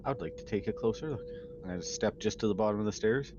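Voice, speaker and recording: A man's voice: on the low side, rapid-fire, dull audio, a crowd in the background. A man playing a tabletop game, casual and loose, laughing easily and swearing. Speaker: player.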